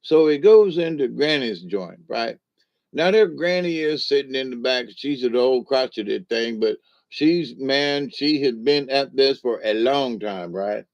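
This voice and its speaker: A man's voice: mid-range voice, lively intonation, measured pace. A man rambling folksily through a casual monologue and a joke. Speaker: vlogger. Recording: lo-fi recording.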